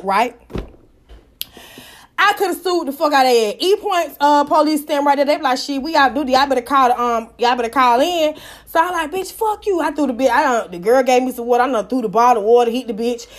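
Brash high-voiced woman telling a story. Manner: profane, brash and animated. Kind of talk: casual storytelling.

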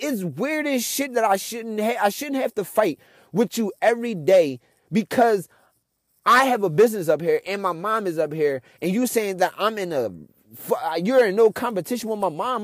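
Young Philly guy as podcast host, venting in an exasperated rant, high-pitched and dry. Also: no room sound. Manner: frustrated, ranting, heavy cursing. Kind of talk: casual monologue.

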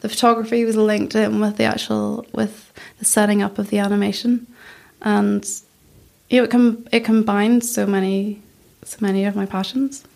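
Shy Northern Irish woman with gravelly voice. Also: medium pitch, level tone, normal speed. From Northern Ireland. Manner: soft-spoken, shy, laughs often. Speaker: guest puppet-maker. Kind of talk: casual interview chat.

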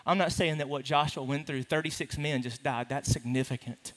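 A man preaching a sermon to a congregation, animated and playful, with teasing asides to the room. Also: fairly high pitch, brisk. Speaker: pastor. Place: large hall with a congregation. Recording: reverberant hall.

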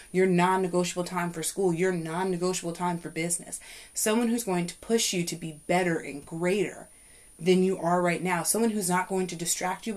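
Hosting a podcast about faith, this young adult woman preaches with emphasis, her voice rising high and growing loud whenever she's fired up.

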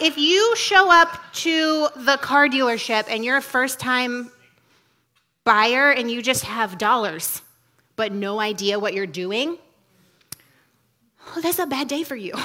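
High bright-voiced woman explaining stuff casually, jokey, lots of likes and laughs. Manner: chatty and humorous, laughs often, lots of "like". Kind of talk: casual teaching talk.

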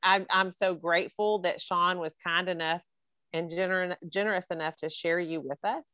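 Woman podcast host on a video call, earnest and emotional, lowish voice, dry, slightly muffled sound. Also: fairly even intonation, moderate pace, bright, forceful tone, smooth, dry recording. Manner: earnest, emotional, full of praise. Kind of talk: heartfelt podcast chat over a video call.

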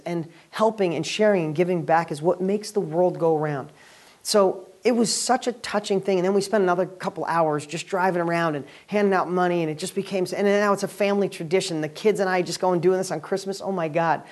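A man hosting a weekly video and speaking to camera as a real estate educator, giving an energetic, upbeat motivational talk. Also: sits high, fairly quick.

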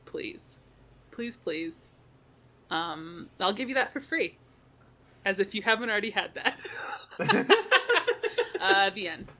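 A woman co-hosting a casual podcast chat, animated and laughing often. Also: mid-range voice, slow, pauses often. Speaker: podcast co-host.

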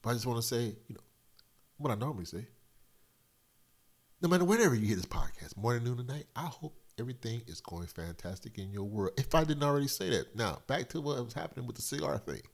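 A middle-aged man hosting a casual solo podcast, loose and profane, slightly congested from a cold, swinging between loud and quiet. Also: medium pitch, sing-song, fast, creaky. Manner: loose, profane, rambling storyteller with big swings in loudness. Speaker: podcast host.

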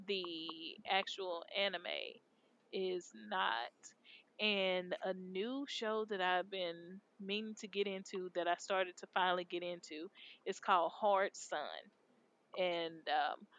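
A woman's voice: on the low side, steady tone, slow, a bit bright, lo-fi sound. A woman from Texas co-hosting a podcast, chatting casually and rambling in slangy speech. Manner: rambling, slangy, laid-back. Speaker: podcast co-host. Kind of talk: casual chat.

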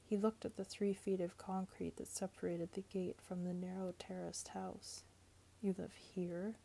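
A woman reading a novel chapter aloud, measured and even. Her voice is husky and dark, with steady gravelly fry. She keeps a flat, level pitch. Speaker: audiobook narrator. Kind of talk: storybook reading.

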